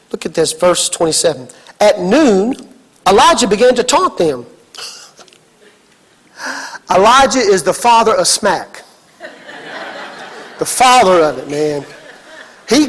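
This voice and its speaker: A middle-aged man preaches with big, emphatic energy, cracking jokes and climbing to shouts. His voice sits unusually high for a man, bright and lifting at every push. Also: a little slow, pauses often. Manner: animated, emphatic, joking, builds to shouting. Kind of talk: energetic sermon.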